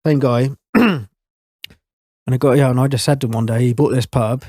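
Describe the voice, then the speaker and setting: A man in his mid-thirties tells stories in loose podcast chat, breaking into laughter and swearing between lines. His voice sits at a middling pitch. The recording is dry and close, with almost no room around it. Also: normal speed, no room sound. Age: 30s. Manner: laughs often, swears freely, animated anecdotes. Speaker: podcast guest, chef. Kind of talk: casual chat, storytelling.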